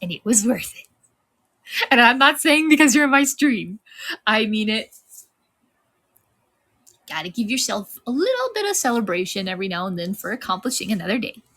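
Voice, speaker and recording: A woman's voice: on the high side, big pitch swings, moderate pace, pauses often, fairly bright tone. A young woman streamer chatting casually on a live stream, giggling often as she thanks viewers and reads the chat.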